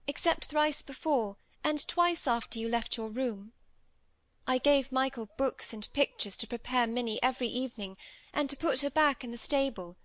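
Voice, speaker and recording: A woman's voice: high-pitched, no echo, lo-fi sound, pitched above the performer's own voice, natural voice. A woman voicing an earnest, headstrong young girl in an audiobook, speaking in a pleading, confiding way. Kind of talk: audiobook character reading.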